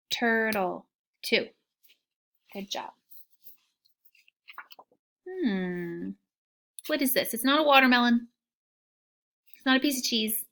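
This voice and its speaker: A woman teaching young children a phonics lesson, slow and encouraging in a sing-song way, with soft whispered asides. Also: fairly high pitch.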